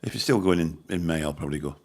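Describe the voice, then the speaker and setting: Gravelly low-voiced Birmingham man. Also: racing, a little mellow. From Birmingham, England. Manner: rambling, chatty, mild swearing. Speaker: channel host chatting with viewers. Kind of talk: casual livestream chat.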